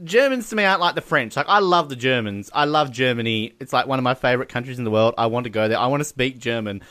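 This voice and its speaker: A man co-hosting a casual movie commentary chat, animated and often laughing. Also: medium pitch, fast. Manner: giggly, animated, keeps breaking into laughter. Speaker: podcast co-host.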